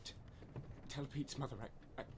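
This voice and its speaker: An actor voicing a faint dying sailor. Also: male voice, moderate pace, background noise, lightly acted. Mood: pleading. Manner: faint, faltering, stammering. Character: badly wounded young sailor pleading weakly.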